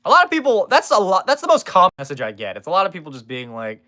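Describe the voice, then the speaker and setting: A man's voice: high voice, huge pitch swings, racing, hardly any pauses, bright, forceful tone. A man chatting casually on a live stream, reading and answering chat with rambling, jokey, swearing asides.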